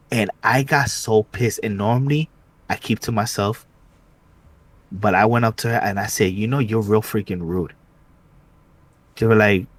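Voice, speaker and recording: A man co-hosting a podcast, telling a story in casual chat, animated and slangy, leaning on "you know" and "dude". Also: fairly low pitch, no echo. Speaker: podcast co-host.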